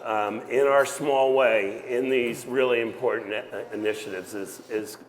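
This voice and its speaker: A sports team executive speaking on an event panel before a live audience, measured and pausing with fillers. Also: male voice, medium pitch, fairly even intonation, a little hiss or hum. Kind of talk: speech on a panel. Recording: long hall reverb, crowd murmur.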